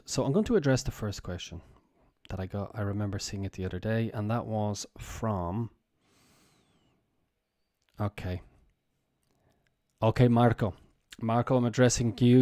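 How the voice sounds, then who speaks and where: Man, English teacher, casual livestream lesson, warm mellow tone, patient repetition, chatty fillers. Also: fairly low pitch, steady tone, normal speed, pauses often. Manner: patient, repeats words and phrases for learners; loose and chatty, many fillers. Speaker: English teacher and stream host.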